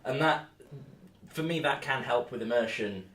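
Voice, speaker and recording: A young man co-hosting a casual podcast about tabletop games, animated and quick to act out his examples. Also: medium pitch. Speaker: podcast co-host and tabletop player. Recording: echoey room, far from the mic.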